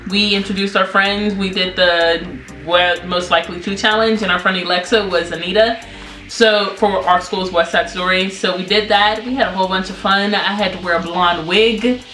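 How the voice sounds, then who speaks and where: A teenage girl with a bright, forward voice chats casually on a vlog. She is quick to jump in and keep the story going. A roomy echo surrounds her, with faint music behind. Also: medium pitch, steady tone. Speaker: co-host of a vlog channel. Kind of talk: casual chat.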